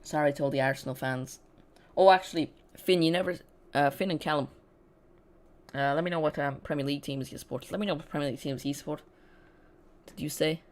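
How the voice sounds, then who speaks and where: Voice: medium pitch, fairly quick. Chatty football stream host. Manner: rambling, chatty, talks straight to viewers. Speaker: football watch-along streamer. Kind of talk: casual live watch-along commentary.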